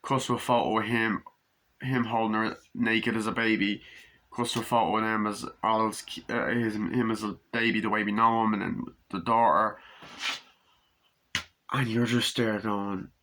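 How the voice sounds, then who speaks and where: A man giving a casual, rambling movie review, swearing freely and acting out scenes in high put-on voices, recorded on a camera mic. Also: flat delivery, normal speed, bright, forceful tone.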